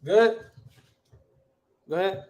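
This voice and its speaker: A man with a somewhat high voice teaches a class in a relaxed, conversational style. He keeps stopping to ask "right?" and mixes slang into his explanations. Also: slow pace. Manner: casual, keeps checking with "right?".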